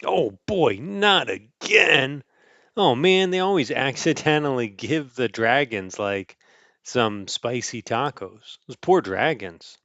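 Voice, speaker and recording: Guy reading a kids picture book out loud, playful and goofy, muffled dull sound, no room echo. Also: medium pitch, takes it slowly. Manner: playful, animated, chuckling, with sound effects. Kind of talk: casual storybook read-aloud.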